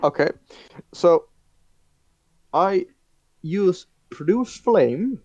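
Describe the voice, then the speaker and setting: A man's voice: high-pitched, lively intonation, very slow, a little mellow. A man playing in an online tabletop game, laid-back in his turns. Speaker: player. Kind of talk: casual online game chat. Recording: dull lo-fi mic.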